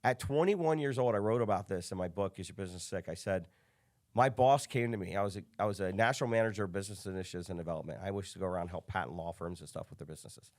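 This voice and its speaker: A man's voice: sits low, very fast. A man in his thirties from the Chicago area, a business coach telling stories as a guest in a casual podcast interview, acting out the dialogue he quotes. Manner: animated storyteller, acts out quoted dialogue.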